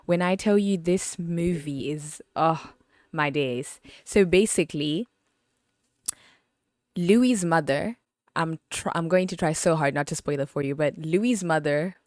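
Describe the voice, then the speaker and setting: A woman hosting a podcast, chatting about a film in an animated, exclaiming way with lots of fillers. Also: sits low, measured pace, no room sound, clean studio sound. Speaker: podcast host. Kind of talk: casual movie review chat.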